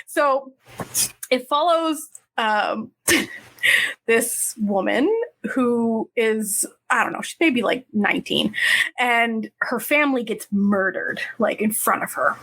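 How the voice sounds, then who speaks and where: Retelling the plot of a drama in casual chat, this woman co-hosting a podcast gets animated and voices the characters' lines herself. She talks slowly in a fairly high pitch.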